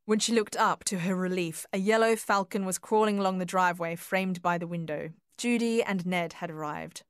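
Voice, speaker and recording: A woman reading a novel aloud as audiobook narrator, measured and even. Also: on the low side, smooth, dry recording, clean studio sound. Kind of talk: scripted narration.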